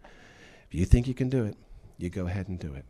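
A man's voice: low-pitched, expressive, a little fast, dark tone. A man voicing a shrugging, dismissive old king.

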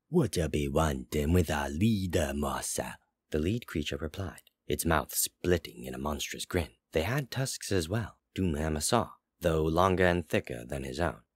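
A man narrating a fantasy story aloud in a slow, measured way. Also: extremely low pitch, no room sound. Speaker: story reader. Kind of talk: audiobook narration.

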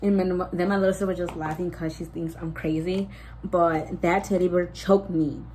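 A woman's voice: fairly low pitch, fairly even intonation, moderate pace, dark tone, a little hiss or hum, low-quality recording. A pregnant young woman chatting casually to her viewers, rambling with lots of "like" and restarts and slipping Spanish words in. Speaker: vlogger. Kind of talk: casual storytime chat.

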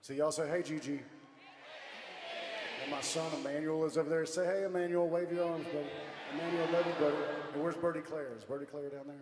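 A middle-aged man leads loud, playful stage banter as a band frontman, hoarse from losing his voice. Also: a little high, steady tone, a little fast, background noise. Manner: loud, playful crowd hype. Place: large outdoor stadium stage. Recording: echoey live arena with crowd.

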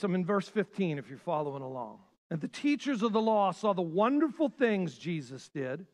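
A male pastor preaching a sermon with passion, swinging between loud bursts and hushed lines. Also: sits high.

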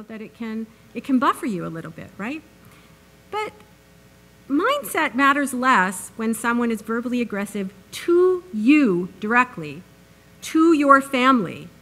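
A woman's voice: a little high, bright, forceful tone. A woman giving an academic public lecture in an earnest way, with many fillers and restarts, recorded on a microphone in a university lecture hall.

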